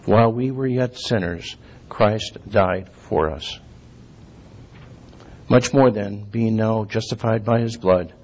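A man giving a sermon, reading scripture slowly and clearing his throat often. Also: fairly low pitch. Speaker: lay preacher. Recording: dull lo-fi recording.

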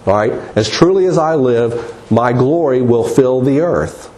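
Man, Bible class teacher, earnest, mellow voice, rhetorical questions. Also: mid-range voice, animated, measured pace. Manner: earnest, explains word by word, asks rhetorical questions; spells out words letter by letter.

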